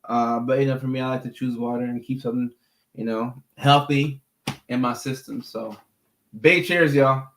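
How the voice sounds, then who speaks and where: An easygoing man talks casually on a livestream, reading and answering viewer comments. His voice sits at an ordinary middle pitch. He is chatty and often doubles back on a word as he works out what to say. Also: completely flat delivery, a little fast, a little mellow, echoey room. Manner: easygoing and talkative, repeats words while thinking. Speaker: mental health clinician hosting a livestream.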